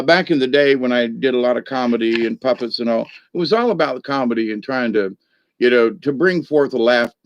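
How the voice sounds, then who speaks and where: A man's voice: fairly high pitch, no echo. A middle-aged man hosting a Catholic channel in a rambling, jokey livestream chat, cackling with laughter often.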